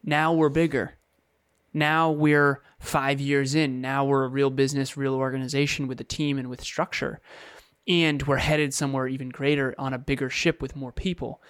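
A man's voice: mid-range voice, flat delivery, normal speed, a bit bright, clear, resonant tone, no room sound, studio quality. A man co-hosting a podcast, explaining his views in earnest, casual chat with short repeated phrases. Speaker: podcast co-host.

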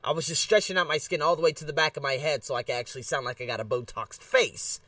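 A man hosting his own solo podcast, ranting in a blunt, animated way. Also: a little high, fast talker, dry recording, distant mic. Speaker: podcast host. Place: Bangkok.

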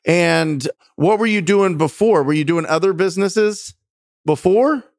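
A man's voice: high-pitched, a little slow, dry recording, studio quality. A man hosting an interview, enthusiastic and coaching, praising his guest and asking about his methods. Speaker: host interviewing a real estate wholesaler. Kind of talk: conversational interview.

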